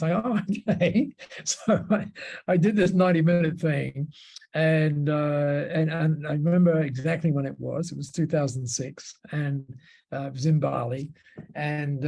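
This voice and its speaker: A man telling stories as a podcast guest. His voice is gravelly and mellow, and sits a bit high for a man. He rambles through his anecdotes with plenty of restarts. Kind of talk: storytelling in a podcast interview.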